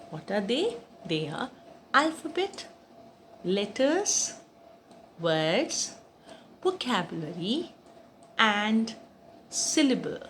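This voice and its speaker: A woman teacher takes children through basic grammar. She talks slowly and repeats each point, with a lively, swooping pitch. A faint hum of room noise sits under her voice. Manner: slow, repeats each point, asks and answers own questions.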